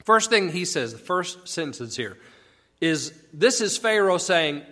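A man's voice: high-pitched, sing-song, moderate pace, a bit bright. A man casually teaching a Bible passage, explaining conversationally and asking rhetorical questions. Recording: long echoey reverb.

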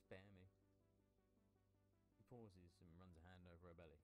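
A man's voice: low-pitched, expressive, normal speed, long pauses, over music. A man streaming a game, reading its text aloud in put-on voices, swearing casually between lines. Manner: shouts out workout cues. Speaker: gaming and fitness streamer. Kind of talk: casual gameplay commentary.

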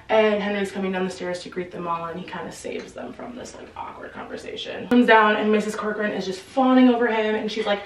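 Retelling a novel's story for her book channel, a woman in her twenties talks fairly quickly with few pauses, her medium-pitched voice steady and her style chatty and slangy. She sounds distant from the mic in a roomy space.

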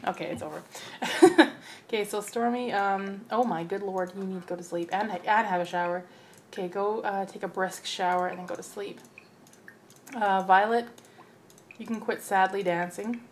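A woman's voice: mid-range voice, fairly even intonation, normal speed, slight background noise. A young woman giving casual, chatty commentary over her gameplay and talking to her game characters. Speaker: let's play host.

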